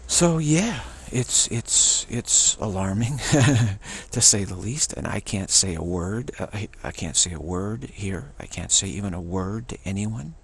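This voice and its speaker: A man's voice: on the low side, expressive, a little slow, few pauses, breathy edge. A man giving a solo spoken commentary, rambling earnestly and often repeating and restarting his phrases. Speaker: channel host.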